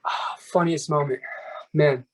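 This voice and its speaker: A young man, a podcast guest, telling stories in a fast, animated way and ending his sentences with "right?". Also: fairly high pitch. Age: young adult. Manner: rapid, animated, keeps tagging "right?" and "bro". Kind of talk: casual storytelling interview.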